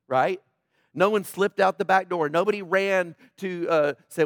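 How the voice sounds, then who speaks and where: A man's voice: high-pitched, normal speed, fairly bright tone, dry recording, clean studio sound. A man preaching a sermon as pastor, in a conversational way that keeps asking the congregation "right?", and raising his voice when he quotes a prayer. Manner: dramatic quoting of prayer in a raised voice.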